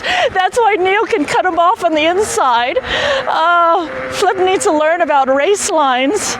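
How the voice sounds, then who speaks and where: A woman with a high, bouncing voice narrates a drone flight outdoors, giggling and fussing over the machines like pets. She takes her time between lines. Clear outdoor background noise runs under her voice. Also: expressive, slow pace. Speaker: vlog host testing drones. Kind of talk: excited play-by-play commentary. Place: outdoors near a garage.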